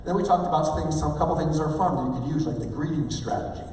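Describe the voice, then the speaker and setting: A man giving an energetic motivational talk on stage, calling for replies from the audience. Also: fairly high pitch, fast, slight background noise. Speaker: motivational speaker. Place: large hall with a live audience. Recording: echoey hall, mic at a distance.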